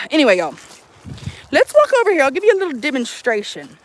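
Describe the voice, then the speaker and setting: A young woman vlogging to her phone outdoors at a campsite, chatting in an animated, profane, jokey way. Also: sits high, fairly quick. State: out of breath. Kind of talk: casual chat to camera.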